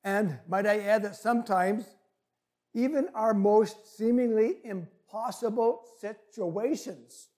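A man preaches a sermon in an earnest, deliberate way. His voice sits high. He speaks slowly and gives each phrase its own weight. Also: darkish tone.

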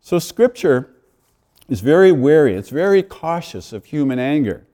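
A man's voice: fairly high pitch, very animated, moderate pace, dark tone. A male pastor giving a conversational sermon, with friendly asides and the odd chuckle.

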